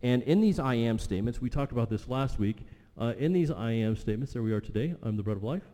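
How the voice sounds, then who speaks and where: Mellow-voiced man preaching in reverberant hall. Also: expressive, quick pace. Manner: storytelling preaching, drops voice low for emphasis. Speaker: pastor. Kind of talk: sermon.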